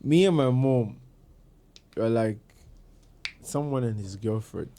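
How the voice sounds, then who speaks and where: A man speaks in a mellow, darker tone. He chats casually as a podcast guest and tells animated stories. His voice sits mid-range for a man. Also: medium pitch, slow. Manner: animated storyteller, mimics his mom in quoted asides. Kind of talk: casual chat.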